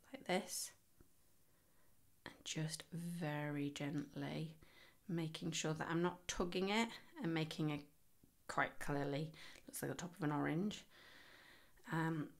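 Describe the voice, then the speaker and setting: A woman hosting a crochet tutorial, chatty and rambling with playful self-mocking asides. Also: on the low side. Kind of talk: casual how-to tutorial.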